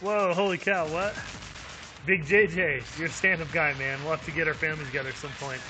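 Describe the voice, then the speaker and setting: A man's voice: fairly high pitch, fairly even intonation, fairly quick, over music. A man streaming a video game live, chatting upbeat with viewers, laughing often and using lots of fillers. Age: adult with young kids. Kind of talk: live gameplay commentary.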